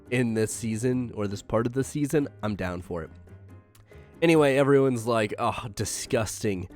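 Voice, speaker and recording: A man's voice: lowish voice, a little mellow. A man hosting a casual anime episode recap, joking loosely with lots of fillers. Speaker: host.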